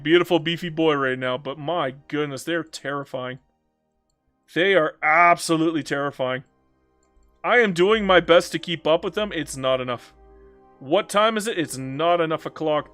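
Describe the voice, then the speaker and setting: A man streaming a strategy game, chatting casually with viewers and joking to himself, swinging between loud outbursts and low mutters. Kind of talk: casual live-stream commentary.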